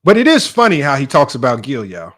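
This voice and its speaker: Animated joking man hosting a sports stream. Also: medium pitch, a little fast. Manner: animated, joking, talks straight at viewers and rival. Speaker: sports show host. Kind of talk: casual livestream commentary.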